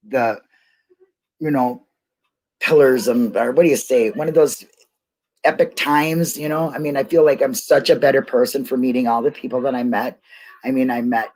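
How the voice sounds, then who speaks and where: A woman's voice: extremely low pitch, darkish tone. A woman hosting a casual livestream, rambling and laughing as she talks to her viewers. She gets emotional easily. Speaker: YouTube livestream host.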